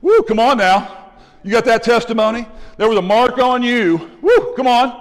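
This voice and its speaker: Male pastor, high voice, energetic sermon with congregation call-outs, reverberant church hall. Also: moderate pace. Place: church sanctuary.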